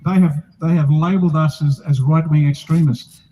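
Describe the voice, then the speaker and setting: A man's voice: a little high, fairly even intonation, normal speed, warm tone, rough recording. An older man with an Australian accent, giving a blunt, rousing, joking speech at an outdoor rally. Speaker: political speaker at a rally.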